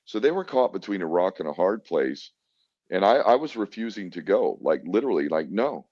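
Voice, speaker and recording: Middle-aged man, podcast guest, low and gruff, swearing freely, lo-fi and dry. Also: very animated, a little fast, darkish tone, dry recording. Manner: blunt, profane, defiant, acts out quoted exchanges. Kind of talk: candid storytelling interview. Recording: dull lo-fi dry sound.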